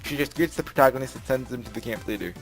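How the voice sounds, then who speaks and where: A man's voice: medium pitch, rapid-fire, soft background music. A young man reading a visual novel aloud and commenting on it, rambling, with lots of filler words and laughs. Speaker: let's play narrator.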